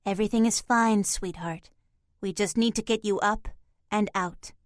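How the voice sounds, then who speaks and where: A woman voicing a bossy, coaxing little female pixie who gives brisk orders softened with pet names, in a storybook. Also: mid-range voice, no echo, clean studio sound, natural voice.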